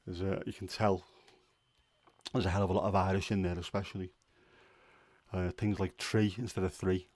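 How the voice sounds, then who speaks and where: Scouse man hosting a casual live chat, lowish voice, dry close sound, rambling with ums. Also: level tone, normal speed, a little mellow, no echo. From Liverpool, England. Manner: rambling, chatty, many fillers. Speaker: livestream host. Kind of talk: casual chat answering viewers.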